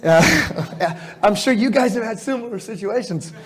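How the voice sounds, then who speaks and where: A middle-aged man from the United States telling lively stories to an audience at a fitness symposium, with fillers, restarts and laughter. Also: sits high, moderate pace, a crowd in the background. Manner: animated, laughing storyteller with filler words and restarts. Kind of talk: storytelling talk to a live audience.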